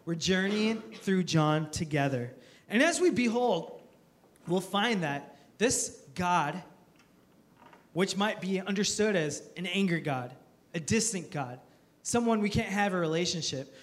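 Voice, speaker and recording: A male pastor preaching a sermon, telling stories with lively, self-mocking humor and earnest emphasis. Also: sits high, measured pace.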